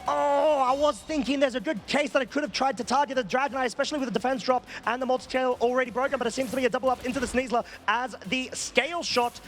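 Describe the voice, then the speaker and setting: A man giving live play-by-play commentary on a competitive video game match, getting excited at big plays. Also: very high voice, rapid-fire, few pauses, soft background music. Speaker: esports commentator.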